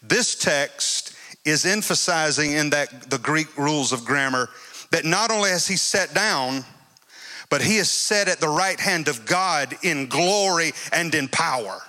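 A man's voice: fairly high pitch, animated, a little slow, sharp tone. A male preacher giving an emphatic sermon and repeating his phrases. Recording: long hall reverb.

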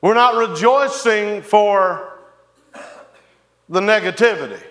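A man preaching a sermon as pastor, halting and folksy, with many fillers and repeated words. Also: high voice, fairly bright tone. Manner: folksy, leads the congregation in song.

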